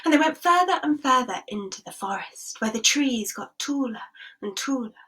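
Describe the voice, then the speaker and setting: High-voiced woman telling a sensory story. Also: moderate pace, husky. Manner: expressive, slips into whispers, invites audience to join in.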